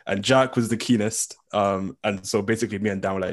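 A young man with an English accent, chatting casually as a guest coach in an interview, full of ums and quick laughs. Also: on the low side, fairly even intonation. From England. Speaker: coach and committee member.

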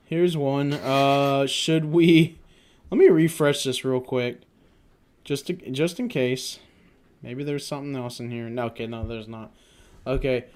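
A man's voice: medium pitch, measured pace, a little mellow, clean tone. A young man hosting a casual chat, swearing often and laughing through his stories. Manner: profane, laughing storyteller. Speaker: host.

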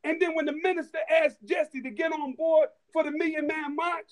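A man telling stories in a casual chat, animated, with many restarts and laughing asides. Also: very high-pitched, fairly quick. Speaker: guest storyteller.

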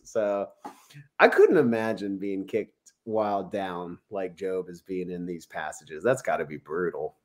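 A man explains a Bible passage in a loose, conversational way. His delivery is animated, and he slips into playful voices for the quotes, often with a laugh. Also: deep voice, a little slow. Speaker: podcast co-host discussing scripture. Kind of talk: casual Bible discussion.

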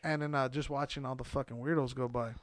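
A young man co-hosting a podcast tells a long, rambling story in casual chat, speaking quickly in a mid-range voice with fairly even intonation. He swears, leans heavily on fillers, and laughs often.

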